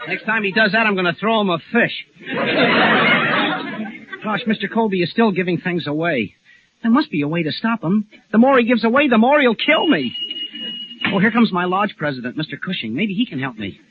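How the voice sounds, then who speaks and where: A harried sitcom lead. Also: male voice, high voice, animated, a loud crowd. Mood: exasperated. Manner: exasperated, quick comic reactions. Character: harried comic lead, scheming to fix his mess. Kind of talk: 1940s radio sitcom acting. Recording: tinny old radio broadcast, loud hiss, studio audience.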